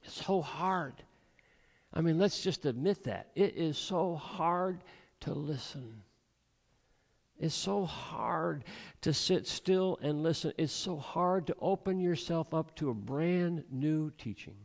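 A man's voice: a little high, lively intonation, takes it slowly, gravelly. A pastor giving a sermon in a church, earnest and rhetorical, acting out the voices of his listeners. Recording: long hall reverb.

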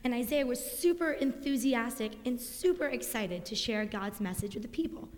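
A young woman giving a lively children's sermon in a church sanctuary, speaking with enthusiasm to kids. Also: a little high, normal speed. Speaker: student speaker leading children's moment. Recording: long church reverb.

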